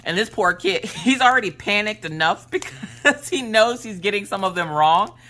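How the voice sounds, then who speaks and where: Chatty woman with a bright voice. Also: medium pitch, expressive, moderate pace. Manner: chatty, laughs often. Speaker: craft vlogger. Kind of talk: casual storytelling chat while crafting.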